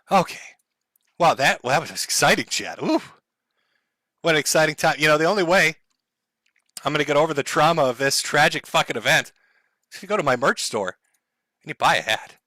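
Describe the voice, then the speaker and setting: A man's voice: fairly high pitch, lively intonation, normal speed, long pauses, pushed and bright, no room sound, studio quality. A man streaming live in casual chat, sarcastic and profane, laughing often as he talks to his chat.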